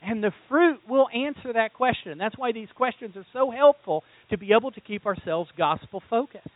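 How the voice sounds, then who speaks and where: A man preaching a sermon as pastor, animated and throwing rhetorical questions at his congregation. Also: very high voice, moderate pace, no echo. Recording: tinny phone-like sound.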